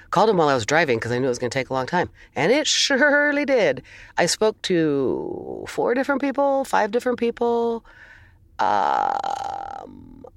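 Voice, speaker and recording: A woman's voice: deep voice, no room sound. A woman co-hosting a casual chat, telling a long exasperated story with sighs and the odd swear.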